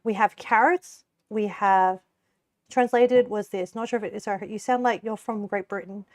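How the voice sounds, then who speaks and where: Cooking live for her viewers, a young woman from Australia keeps up casual chat full of giggles, rambling, and "like" fillers. Her mid-range voice has fairly even intonation and a moderate pace, and the recording is dry.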